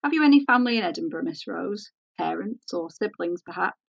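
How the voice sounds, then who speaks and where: A woman's voice: fairly low pitch, lively intonation, fairly quick, gravelly, no echo, highs cut off. A woman voicing a composed elder sister who questions politely and persistently. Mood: probing. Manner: polite, inquisitive.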